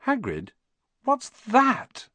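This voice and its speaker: A man's voice: very high-pitched, huge pitch swings, drawn-out words, bright, forceful tone, dry recording, pitched above the performer's own voice, heavily acted. A man voicing an anxious, curious young schoolboy who presses eagerly with questions, in an audiobook reading. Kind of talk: audiobook character voice.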